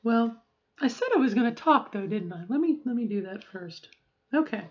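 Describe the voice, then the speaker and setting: A woman's voice: a little high, expressive, normal speed. Middle-aged woman practicing a raised voice. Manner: careful, self-monitoring, slightly tight. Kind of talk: voice training practice, raised pitch. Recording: dull lo-fi recording.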